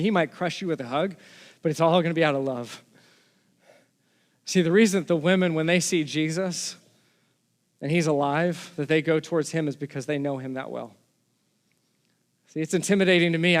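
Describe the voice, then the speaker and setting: A man's voice: on the high side, big-room sound. A man from Texas, a pastor giving a sermon in a conversational storytelling way, often restarting his phrases.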